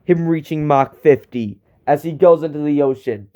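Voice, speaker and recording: Young guy narrating a fan story, rambles and corrects himself, mellow dark-toned voice. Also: fairly high pitch, normal speed, dull audio.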